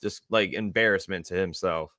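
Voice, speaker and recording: A man's voice: low-pitched, moderate pace, bright, forceful tone. A man co-hosting a casual football talk show, laid-back and chuckling, greeting chat viewers as he talks. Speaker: sports show co-host.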